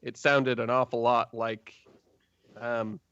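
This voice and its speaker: A man's voice: medium pitch, flat delivery, takes it slowly, a bit bright, dry recording. A man narrating a tabletop game as game master, loose and chatty, laughing often, in a dull, dry recording.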